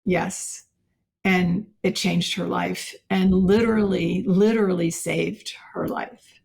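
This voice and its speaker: A middle-aged woman, a podcast guest, telling a personal faith story in an earnest, animated way and acting out quoted dialogue. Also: lowish voice, slow pace, creaky, husky.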